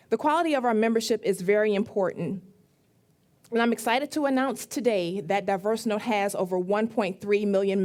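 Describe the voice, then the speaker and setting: Female founder, mid-pitched voice, steady formal pitch delivery. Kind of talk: rehearsed pitch presentation.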